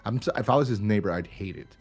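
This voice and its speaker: A podcast co-host with a lowish voice chats casually at a quick pace while faint music plays behind him. He rambles, laughs and swears a lot, acting out quotes as he retells stories.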